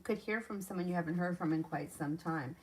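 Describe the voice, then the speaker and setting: A woman's voice: fairly low pitch, fairly quick, slight background noise. A woman reading viewers' questions aloud and answering them as a tarot reader on a live stream, chatting and laughing between readings.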